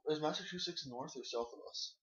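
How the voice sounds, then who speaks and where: A man's voice: a little high, fairly quick, fairly bright tone. A young man hosting a casual chat, rambling and hesitant with many fillers. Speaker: host. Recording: muffled lo-fi recording.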